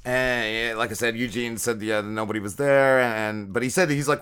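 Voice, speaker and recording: A man chats on a podcast, retelling a show's events in a loose, rambling way. He swears freely and leans on fillers. His voice has a bright, forward ring. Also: medium pitch, steady tone, normal speed, smooth. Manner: rambling, profanity-heavy episode recap full of fillers. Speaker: podcast co-host. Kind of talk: casual chat.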